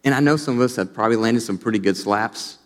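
A young adult man preaching an earnest sermon as a pastor, turning animated when he tells a family story. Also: fairly low pitch, fast. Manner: earnest, rises animated when telling stories. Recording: long reverb of a large hall.

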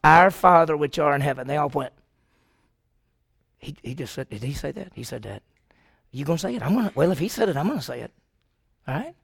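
Middle-aged pastor guy preaching, gravelly voice, quizzes the crowd then answers himself. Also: on the high side, very animated, fairly quick, pauses often, darkish tone, no echo, studio quality. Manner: asks the congregation questions and answers them; acts out quoted voices. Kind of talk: sermon.

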